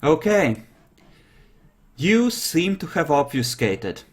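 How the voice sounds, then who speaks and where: A man running a tabletop role-playing game on a stream, relaxed and thinking aloud as he narrates and checks the rules. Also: on the high side, takes it slowly. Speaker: game master.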